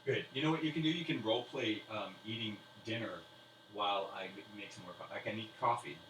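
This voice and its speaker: Male game master, chatty and rambling, deeper voice, recorded off-mic with faint hiss. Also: fast talker, pushed and bright, reverberant, far from the mic, low-quality recording. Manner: rambling, full of fillers and restarts. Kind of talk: narrating a tabletop game.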